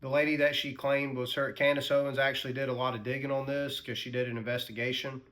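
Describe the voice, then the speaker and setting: Man, commentary host, casual chat, sarcastic, mid pitch. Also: flat delivery, quick pace, a bit bright, slight background noise. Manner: dismissive, sarcastic asides.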